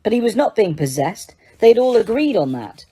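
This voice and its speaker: A woman narrating an audiobook in a steady storytelling manner, with the odd small slip. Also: medium pitch, fairly quick, slightly rough. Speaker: audiobook reader.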